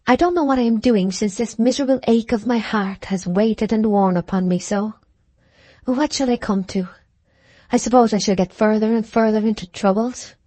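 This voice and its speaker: A woman's voice: mid-range voice, mellow, dry recording, lightly acted. A woman voicing a proud, passionate young woman farmer in an audiobook, speaking in heightened, emotional period dialogue.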